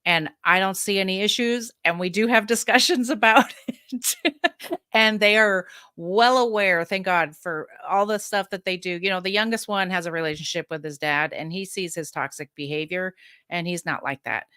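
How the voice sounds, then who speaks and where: A woman in her fifties talks openly as a podcast guest, frank and emphatic, with a clear, bright tone. She breaks into quick laughs between points. The sound is close and dry, with no room around it. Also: medium pitch, no room sound. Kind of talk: candid personal storytelling.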